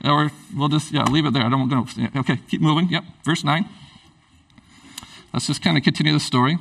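A man's voice: on the high side, steady tone, brisk, vocal fry, fairly bright tone, recorded from a distance, poor audio. A man preaching a sermon in a conversational, emphatic way. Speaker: pastor.

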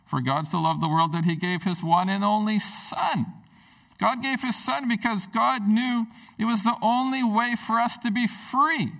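A man preaching a sermon, talking earnestly and conversationally and often restarting his sentences. His voice is gravelly with some fry and sits fairly high. The sound comes from a mic set back from him. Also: unhurried, bright, forceful tone, far from the mic, low-quality recording. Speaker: pastor.

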